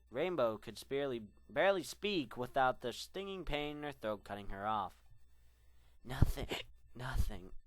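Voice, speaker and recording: A man's voice: mid-range voice, a bit bright, dry recording. Young man reading fan fiction aloud. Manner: rambling, with slips and asides.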